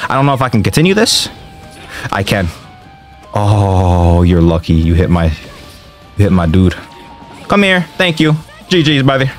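An excitable young man narrates his own fighting-game match, full of slang and sudden yells. His voice leaps up and down constantly as he reacts. Faint game music plays underneath. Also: mid-range voice. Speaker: gaming streamer. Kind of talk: live gameplay commentary.

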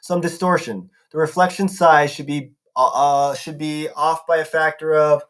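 A man's voice: on the high side, fairly even intonation, moderate pace, fairly bright tone, natural voice. A man voicing a clever teenage girl who talks in an urgent, brainy way.

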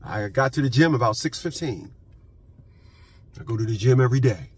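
Husky-voiced man ranting in his car. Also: medium pitch, lively intonation, fairly quick, darkish tone. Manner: profane, emphatic, repeats his points. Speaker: vlogger. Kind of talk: unscripted ranting vlog. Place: parked car outside his home.

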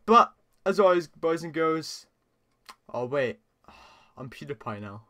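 A man's voice: a little high, very animated, slow, bright, forceful tone. A teenage boy doing casual reaction commentary as host, stammering and repeating words, laughing often.

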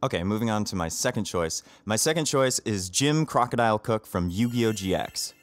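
Chatty enthusiastic guy, bit low voiced, lots of ums, dry close sound. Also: expressive, normal speed, no room sound. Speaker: voice actor. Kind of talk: casual video message.

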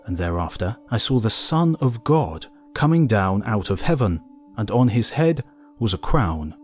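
A man reading an old scripture text aloud as scripted narration, in a solemn, measured way. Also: medium pitch, darkish tone. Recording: faint music behind.

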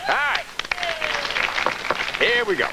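With an extremely high, sing-song voice and a slow pace, a man delivers upbeat quizmaster patter as a TV game show host. The loud studio broadcast is very noisy, with music and an audience crowd behind him.

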